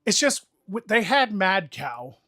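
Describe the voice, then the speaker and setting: A man's voice: sits high, sing-song, measured pace, pushed and bright. A middle-aged man with a Southern US accent, casually telling stories on a podcast, laughing often and swearing freely. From American South. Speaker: podcast host. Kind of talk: casual chat.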